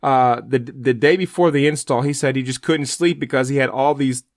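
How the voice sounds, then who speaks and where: A man's voice: mid-range voice, moderate pace, no room sound, clean studio sound. A man co-hosting a faith radio show, telling a story in an earnest, rambling, chatty way. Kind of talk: casual faith broadcast storytelling.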